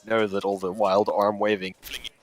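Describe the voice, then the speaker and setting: Low-voiced male game master. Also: flat delivery, a little fast. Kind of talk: narrating a tabletop game.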